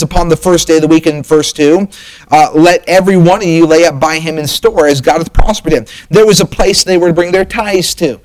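Folksy preacher man, higher voice. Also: rough recording. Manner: folksy, storytelling, frequent fillers and restarts. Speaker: pastor. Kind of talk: sermon.

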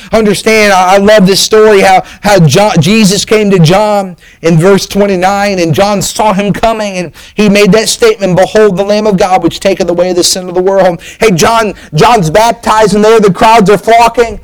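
A man's voice: sits high, fairly even intonation, moderate pace, few pauses, clean tone, low-quality recording. A man preaching a sermon, telling a story with an emphatic, rising and falling preaching cadence.

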